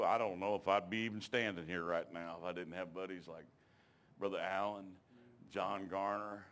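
A man preaching a sermon, telling his own testimony in a folksy, emphatic way and calling out to the congregation. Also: on the low side.

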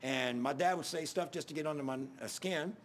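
A man's voice: on the high side, fairly quick, slight background noise. A man preaching a sermon, telling a story in a casual, conversational way with many restarts.

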